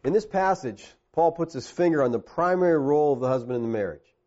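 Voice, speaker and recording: A male pastor preaching a sermon, talking straight to the men in the room and swinging from quiet, low passages to emphatic, raised ones. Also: expressive, fast talker, lo-fi sound. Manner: direct, addresses the men in the congregation.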